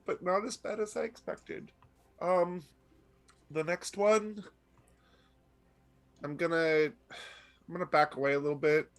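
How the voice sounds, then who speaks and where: A man with a fairly high voice playing a tabletop game. He chats in a relaxed, easygoing way and apologizes lightly as he goes. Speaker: player. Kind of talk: casual tabletop play.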